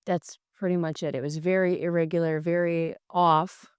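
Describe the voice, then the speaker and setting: A woman's voice: lowish voice, level tone, moderate pace, a little mellow, clear, resonant tone. A middle-aged woman co-hosting with her husband, talking in an earnest, emotional way. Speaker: co-host, host's wife. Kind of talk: casual video chat.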